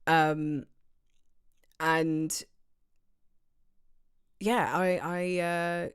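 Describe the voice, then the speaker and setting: Woman streamer, low voice, chatty and meandering, casual home stream. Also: flat delivery, very slow, clean tone. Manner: rambling, chatty, full of fillers and tangents. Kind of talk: casual livestream chat. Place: home office.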